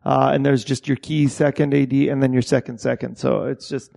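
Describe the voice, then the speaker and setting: Gravelly Canadian-born man, halting speech. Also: medium pitch, little pitch movement, warm tone. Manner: halting, many restarts and swearing. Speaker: assistant director. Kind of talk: casual podcast conversation.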